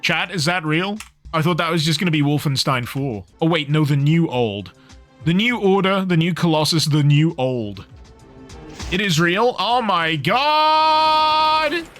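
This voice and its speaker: A man chats through a game on a livestream, laughing and joking with his viewers. His voice sits a touch high and sounds bright and forward. He is a little tipsy, with faint game music playing behind him. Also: animated, moderate pace. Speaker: gaming streamer. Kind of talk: casual livestream commentary.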